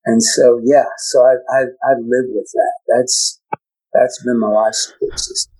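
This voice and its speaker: A man as a podcast guest telling a personal story, halting and emotional, often repeating words and restarting. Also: mid-range voice, fairly even intonation, dark tone, slightly rough, low-quality recording.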